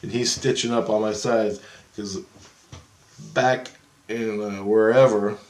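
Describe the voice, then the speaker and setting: A man's voice: on the low side, fairly even intonation, slow pace. Profane, rambling man in an echoey room. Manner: profane, agitated, acts out voices in his story. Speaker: vlogger recounting astral travel. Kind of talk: rambling first-person storytelling.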